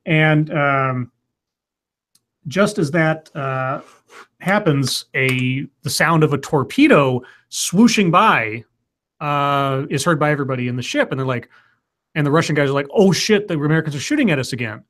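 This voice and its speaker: Guy recapping a movie plot, bit high voice, lots of ums and restarts. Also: animated, moderate pace, a bit bright. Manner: rambling retelling with fillers and restarts. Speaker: podcast co-host. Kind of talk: casual movie recap chat.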